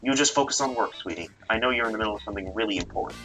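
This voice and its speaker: A man voicing a sweet young woman with a soft soprano voice, the narrator's girlfriend in a visual novel. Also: fairly low pitch, rapid-fire, over music, voice pushed up, lightly acted. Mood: caring.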